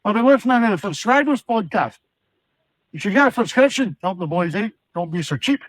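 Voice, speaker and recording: A cocky Scottish runner, played by a man calling in, brags in a high, sing-song voice. He trash-talks with swagger in a comic phone-in bit, and the sound is dry and close. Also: expressive, fairly quick, no echo, low-quality recording. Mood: cocky boasting. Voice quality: brash trash-talking swagger. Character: cocky Scottish male runner, brash and boastful. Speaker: caller.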